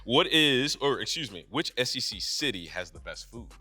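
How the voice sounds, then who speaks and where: A man's voice: mid-range voice, big pitch swings, moderate pace, bright, forceful tone, soft background music. A young man hosting a casual interview as a sports analyst, playful and teasing. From Kentucky.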